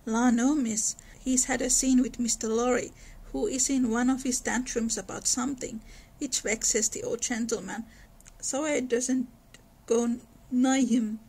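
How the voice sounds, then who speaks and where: A young housemaid from an old novel, answering politely in countrified grammar, as a woman reads her part. The voice sits high and sounds husky and gravelly. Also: fairly even intonation, measured pace, a little mellow, poor audio. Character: female housemaid, young, plain-spoken servant.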